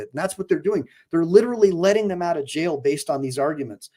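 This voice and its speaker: A man's voice: on the high side, quick pace, few pauses, mellow. A man, an attorney hosting his own channel, giving heated and opinionated reaction commentary with frequent restarts and repeated words.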